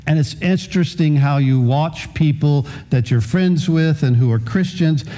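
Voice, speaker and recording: A man in his fifties preaching a sermon as pastor, with a halting delivery full of repeated words. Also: fairly high pitch, mellow.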